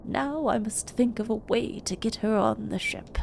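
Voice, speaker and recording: A woman voicing a pompous, stiff middle-aged male knight who speaks in a gruff, formal and indignant way. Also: on the high side, moderate pace, slight background noise. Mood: determined.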